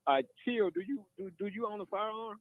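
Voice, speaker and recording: A man joins a comic podcast chat, setting up his questions in a mock-serious tone. His voice is fairly high and sounds thin, dry and tinny, as if over a phone line. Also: fast talker, no echo. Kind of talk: casual comedic chat.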